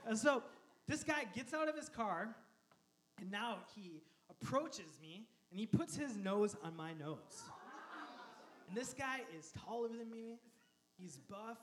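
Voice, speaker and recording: A man in his thirties, a pastor preaching a sermon, telling a story with animated energy and frequent laughter. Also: sits high, measured pace, a little hiss or hum. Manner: animated storyteller, laughs often, shouts quoted lines.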